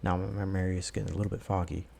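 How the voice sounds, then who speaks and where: A vlogger with a very low, gravelly voice edged with vocal fry narrates his racing footage for viewers in a loose, easygoing voice-over. He's relaxed and rambles a bit, scattering plenty of "uh"s and "um"s along the way.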